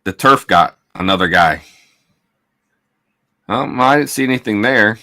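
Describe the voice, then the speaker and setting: A man's voice: fairly low pitch, animated, measured pace, sharp tone. A man co-hosting a sports podcast, giving casual, tired, laid-back commentary while watching a live game.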